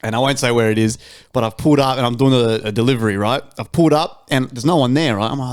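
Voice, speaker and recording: A man's voice: mid-range voice, steady tone, fast talker. A man on a podcast panel, telling a story in casual chat, swearing and laughing often.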